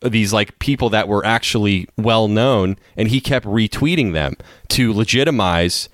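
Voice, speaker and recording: A man's voice: on the low side, normal speed, no room sound, studio quality. A man co-hosting a casual sports podcast, rambling through stories and laughing often. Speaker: podcast co-host.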